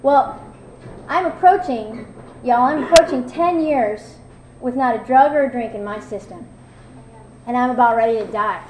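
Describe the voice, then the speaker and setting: A woman's voice: on the high side, normal speed, long pauses, a little mellow, slight background noise. Candid woman sharing her story. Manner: candid, self-mocking, conversational with many fillers. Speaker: recovery meeting speaker. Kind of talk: personal testimony talk. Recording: echoey room with faint ambience.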